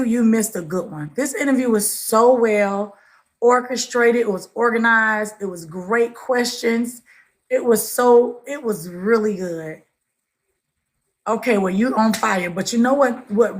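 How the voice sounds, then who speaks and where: A woman's voice: fairly high pitch, measured pace. A woman hosting a casual livestream chat, greeting viewers by name and calling them pet names like baby and sugar. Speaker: livestream host.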